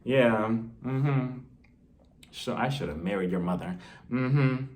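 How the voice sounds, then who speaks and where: Fields: Figure: weary, sarcastic older husband as a man plays him. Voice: low murmur. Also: slow, darkish tone, close to an everyday voice.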